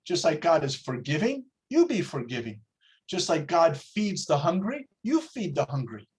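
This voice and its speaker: A man's voice: a little high, sing-song. A man teaching a religious class over a video call, telling jokes and asking rhetorical questions. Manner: slow, storytelling, rhetorical questions.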